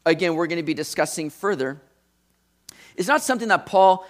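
High-voiced man preaching conversationally. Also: expressive, a little fast. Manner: conversational teaching, acts out quotes. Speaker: pastor. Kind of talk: sermon.

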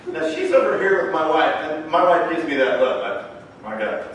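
High-voiced pastor in an echoey hall. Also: male voice, brisk. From Canada. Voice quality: animated storyteller who acts out the dialogue in his stories. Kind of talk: sermon. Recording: very echoey hall, mic far off, faint background noise.

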